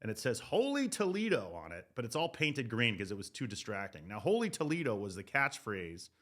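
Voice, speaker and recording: A man hosting a sports podcast, ranting comedically with loud, profane riffs. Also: mid-range voice, brisk. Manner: loud, profane, animated riffing. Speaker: podcast host.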